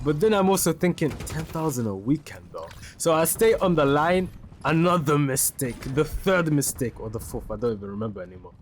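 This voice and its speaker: A man's voice: on the high side, fairly quick, slight background noise. A young man streaming a game and casually telling a story, full of slang, who breaks off now and then to react to the game. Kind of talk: casual storytelling over gameplay. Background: game music and gunfire.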